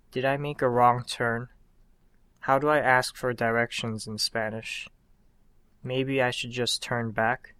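A man reading his own short story aloud in a calm, unhurried storytelling manner. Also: medium pitch, clean tone, no echo. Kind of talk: scripted narration of a short story.

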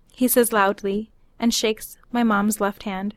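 A woman reading her own personal story aloud in a measured, unhurried way. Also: on the high side, steady tone, no echo.

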